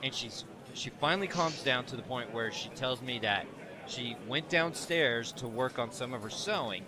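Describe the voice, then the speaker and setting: A man co-hosting a podcast, telling a story in a casual, animated way and laughing often. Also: mid-range voice, normal speed, a crowd in the background. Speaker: podcast co-host.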